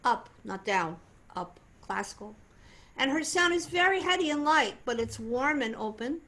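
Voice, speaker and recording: An older woman voice teacher explaining singing technique in a conversational, animated way. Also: sits high, moderate pace. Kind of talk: voice lesson demonstration and explanation.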